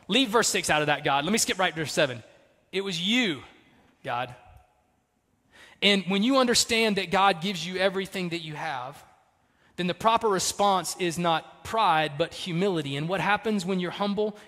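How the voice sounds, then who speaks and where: A man preaching a sermon as pastor, emphatic, swinging between loud punches and soft trailing lines. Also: sits high, expressive, moderate pace, in a large hall.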